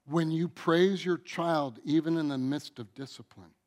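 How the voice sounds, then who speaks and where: A middle-aged male preacher delivering a sermon in an unhurried, deliberate cadence. His voice sits a little high for a man, and he drives points home with sudden loud bursts before dropping to near-whispers. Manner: emphatic, drawn-out phrases, loudness swinging from booming to hushed.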